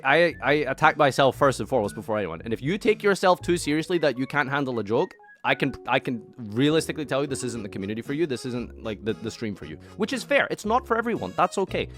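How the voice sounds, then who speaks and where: A man's voice: medium pitch, fairly bright tone. A man with a Scottish accent reacting to criticism of himself in casual commentary, sarcastic and exasperated, swinging into mock outrage. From Scotland.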